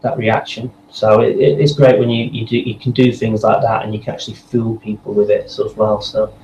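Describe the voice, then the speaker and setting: A man's voice: fairly low pitch, flat delivery, fairly quick, a little mellow. A man, a voice actor chatting loosely in an interview, rambling with restarts. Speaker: voice actor guest. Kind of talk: casual interview chat. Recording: echoey room with faint noise.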